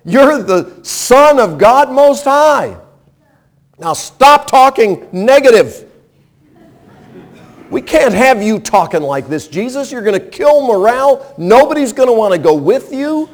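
A man's voice: very high voice, very animated, unhurried, pitched above the performer's own voice, full character voice. A man voicing the apostle Peter as an exasperated, scolding disciple who refuses to hear about dying. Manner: insistent, scolding, incredulous. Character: exasperated apostle Peter rebuking his teacher.

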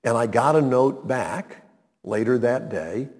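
Older man, live storyteller, animated, emphatic exclamations, wry asides, mid pitch, long hall reverb. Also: measured pace, slightly rough. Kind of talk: live personal storytelling to an audience. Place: hall with a seated audience.

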